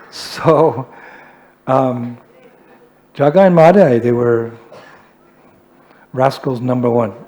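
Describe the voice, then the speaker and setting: A male swami giving a humorous, self-deprecating storytelling sermon in an animated way. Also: mid-range voice. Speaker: swami, preacher.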